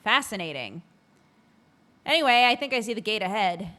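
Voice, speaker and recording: A woman's voice: mid-range voice, very animated, normal speed, bright, forceful tone. A woman voicing a grumpy, sarcastic male knight companion with dry grumbling lines.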